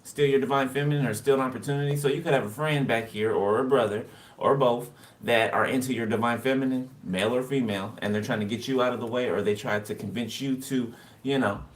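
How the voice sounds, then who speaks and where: A man's voice: mid-range voice, fast talker. A man giving a casual tarot reading, talking loosely to the viewer, laughing to himself and drawing cards as he goes. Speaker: tarot reader. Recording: distant mic with loud background noise.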